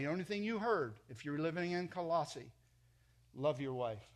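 A middle-aged man preaching a sermon in a church, emphatic, swinging between loud and soft. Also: on the high side, lively intonation, takes it slowly. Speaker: pastor.

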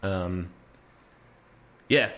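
A man's voice: sits low, drawn-out words, a bit bright. A man hosting a casual news podcast, reading articles aloud with wry asides and frequent restarts. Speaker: podcast host.

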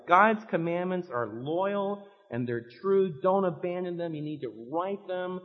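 A man preaching a sermon, emphatic, swinging between loud urging and quiet pleading. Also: sits high, expressive, measured pace, few pauses. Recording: reverberant hall, dull lo-fi sound.

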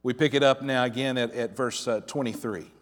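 A man preaching a sermon with scripture reading, dramatic, swinging from loud emphasis to quiet asides with wry humor. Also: medium pitch, steady tone, a little fast. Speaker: pastor. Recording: long reverb of a large hall.

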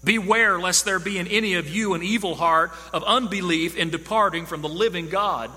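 A man's voice: sits high, moderate pace, sharp tone. A man preaching a sermon, emphatic and repeating key phrases for stress. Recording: long hall reverb.

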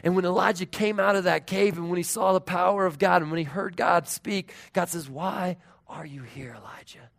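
Earnest preacher guy in his 30s, voice on the higher side, leans in then drops soft. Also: steady tone, brisk, creaky, few pauses. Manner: earnest, swings between raised emphasis and hushed tender tones. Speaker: pastor. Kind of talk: sermon.

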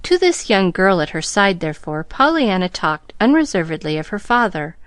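A woman's voice: medium pitch, big pitch swings, normal speed, no room sound. Woman narrating a classic novel. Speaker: audiobook reader. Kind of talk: scripted narration.

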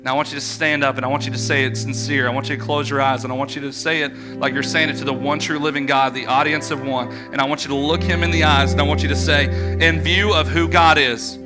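A man preaching a sermon as pastor, fervent and building to loud exhortation, leading a congregation in a worship hall. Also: mid-range voice, little pitch movement, quick pace, hardly any pauses, over loud music.

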